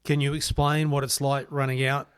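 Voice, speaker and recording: Measured male podcast host. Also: medium pitch, level tone, smooth. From Australia. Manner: measured, asking long lead-in questions. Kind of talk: podcast interview.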